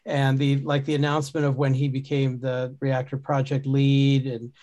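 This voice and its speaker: A man's voice: mid-range voice, completely flat delivery, normal speed, darkish tone, lo-fi sound. A man hosting a casual podcast conversation, talking in a rambling way with many restarts and fillers. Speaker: podcast host.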